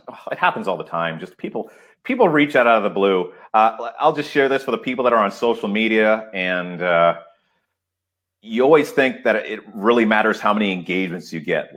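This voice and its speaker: A man speaking as a podcast guest, excited and emphatic, laughing often as he talks. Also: on the low side, fairly quick. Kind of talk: enthusiastic podcast interview.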